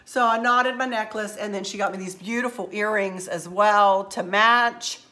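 A woman hosting a craft channel chats effusively and emotionally to a handheld camera at home, her throat a little scratchy. Her voice is medium in pitch, bright and forceful, with a steady tone at normal speed.

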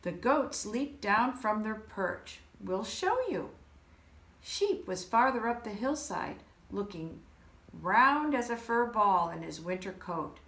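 Woman storyteller, slow, animated delivery, roomy echo. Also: medium pitch. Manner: expressive, unhurried. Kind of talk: children's story reading. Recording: echoey room.

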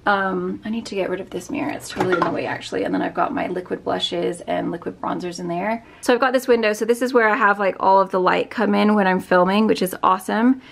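A woman vlogger talks her way around her bedroom filming room in a loose, upbeat, chatty way. Her mid-pitched voice carries a noticeable gravelly fry, and she leans on plenty of likes and ums as she goes. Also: steady tone, fast talker, hardly any pauses, slight background noise. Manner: chatty, filler-heavy, upbeat. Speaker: beauty vlogger. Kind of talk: casual room tour.

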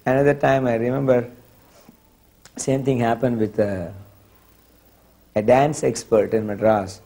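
A man calmly telling a memory in a measured, descriptive way. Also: fairly low pitch, creaky. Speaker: interviewee recalling his guru. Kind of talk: casual storytelling.

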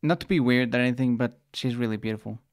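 Excitable young man reacting to a video. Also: medium pitch, fast talker, dry recording. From Mexico. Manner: excitable, chatty, interjects often. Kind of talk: casual reaction commentary.

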